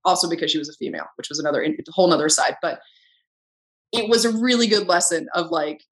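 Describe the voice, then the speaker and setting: A young adult woman, a podcast guest from film set crew, telling a story in a lively, casual way, acting out dialogue and laughing often. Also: on the low side, fast. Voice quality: animated, acts out dialogue in quoted voices, laughs often.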